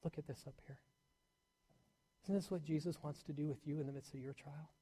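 A male pastor preaching a sermon in a church, swinging between loud emphatic peaks and soft near-whispers. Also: fairly high pitch, steady tone, fairly quick, slightly rough. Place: church hall. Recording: long hall reverb.

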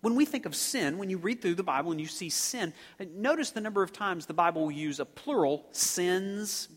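A man preaching with an animated, bright, forceful delivery. His voice sits high and swings widely in pitch, and he shouts some words and drags others out slowly. The sound carries the long reverb of a large hall. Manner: animated, shouts for emphasis, slows to stress words. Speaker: pastor. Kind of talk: sermon.

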